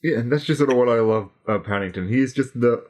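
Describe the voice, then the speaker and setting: A man's voice: mid-range voice, quick pace, darkish tone. A young man co-hosting a film review in casual chat, easygoing and agreeable, laughing often.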